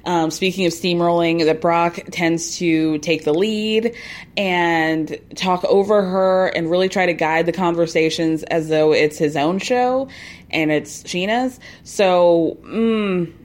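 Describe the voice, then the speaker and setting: A woman's voice: fairly low pitch, steady tone, slow. Opinionated woman recapping reality TV. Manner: opinionated, sarcastic, exasperated asides; acts out quotes in put-on voices. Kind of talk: casual recap commentary.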